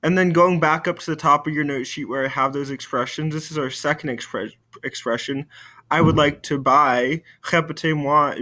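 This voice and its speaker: A man teaches French in a recorded video lesson, with a fairly high voice. He speaks slowly and deliberately, sounding out each word for students to repeat. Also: fairly even intonation, pushed and bright. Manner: slow, careful model pronunciation for students to repeat.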